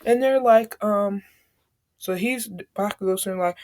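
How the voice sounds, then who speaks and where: A woman spinning a casual fan story out loud, rambling and slangy, padding every line with loose fillers. Her voice sits at an ordinary middle pitch. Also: moderate pace.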